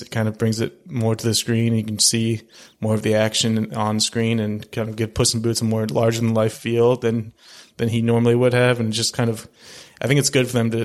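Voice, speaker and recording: A young man chatting casually about a film he saw, rambling with lots of fillers and restarts. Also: mid-range voice. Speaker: film podcast co-host. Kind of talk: casual film review chat.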